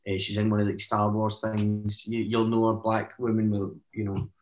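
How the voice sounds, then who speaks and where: A man's voice: fairly low pitch, completely flat delivery, normal speed, a little mellow, reverberant, rough recording. A Scottish man chatting as a guest actor, telling stories in a rambling way with lots of "eh" fillers. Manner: rambling storytelling, many "eh" fillers. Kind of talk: casual chat.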